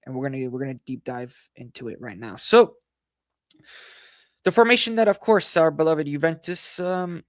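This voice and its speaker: A man hosting a football analysis livestream, hoarse from losing his voice, talking in a frustrated, rambling way full of fillers and repeated phrases. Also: a little high, lively intonation, moderate pace, no room sound, studio quality. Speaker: football channel host.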